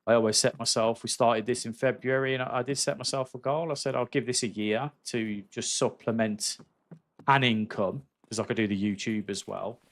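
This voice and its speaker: A man chatting candidly and casually as he livestreams a game, swearing freely and calling his viewers mate. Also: lowish voice. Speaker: gaming livestreamer. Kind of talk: casual live-stream chat while playing.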